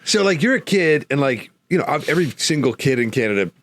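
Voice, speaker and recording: A man's voice: fairly high pitch, very animated, quick pace, fairly bright tone, no room sound. A male podcast host chatting casually with a guest, laid-back and full of fillers. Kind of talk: casual chat.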